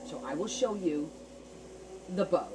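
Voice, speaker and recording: A woman's voice: sits low, lively intonation, measured pace, far from the mic, noisy background. A woman hosting a casual craft livestream from her kitchen, chatting and rambling through stories as she goes. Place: home kitchen.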